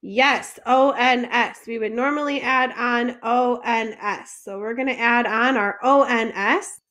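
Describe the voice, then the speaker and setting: Woman French teacher, high voice, unhurried, patient, talks through each step. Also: steady tone, sharp tone. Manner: patient, asks questions then answers them. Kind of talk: classroom lesson explanation.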